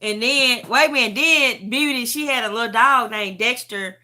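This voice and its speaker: Bright-voiced middle-aged woman testifying. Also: on the high side, normal speed. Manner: heartfelt, repetitive, talks straight to viewers. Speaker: livestream host. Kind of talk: emotional testimony chat. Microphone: phone.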